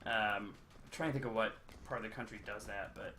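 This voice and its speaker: A man's voice: on the low side, fairly even intonation, fairly quick, pushed and bright, a little hiss or hum. A young man chatting casually on a game stream, rambling with many ums and uhs. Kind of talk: casual chat while gaming, reading chat.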